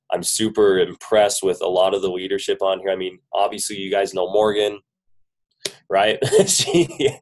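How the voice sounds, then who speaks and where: A man with a head cold speaks in a somewhat low voice. He gives a casual, upbeat pep talk on a team conference call, praising and joking. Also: a little mellow, poor audio. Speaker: business team leader on a coaching call. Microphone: phone conference call.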